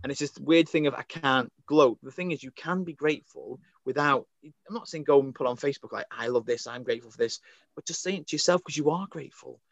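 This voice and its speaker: A man's voice: fairly high pitch, fast talker, creaky, no echo, highs cut off. A man from Crewe with a northern English accent, chatting animatedly as a podcast guest and coaching from home. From Crewe, England. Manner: chatty, animated, jokey storyteller. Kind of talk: casual podcast chat.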